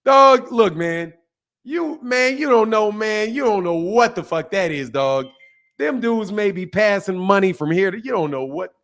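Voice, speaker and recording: Male reaction host with a very high voice, swearing, incredulous, circling back to the same point. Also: animated, a little slow, a bit bright. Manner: profane, incredulous, repeats himself, laughing asides. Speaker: boxing channel host. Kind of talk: casual reaction rant.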